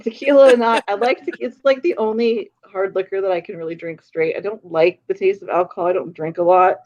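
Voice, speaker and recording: A woman in casual chat with friends, outspoken and quick to laugh. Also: medium pitch, fairly even intonation, darkish tone, highs cut off.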